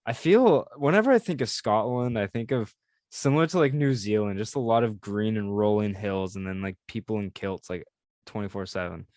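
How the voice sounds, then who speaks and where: Low, smooth-voiced man chatting. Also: moderate pace, no room sound, clean studio sound. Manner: relaxed, slangy, says "like" and "yo" often. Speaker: podcast host. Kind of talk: casual chat.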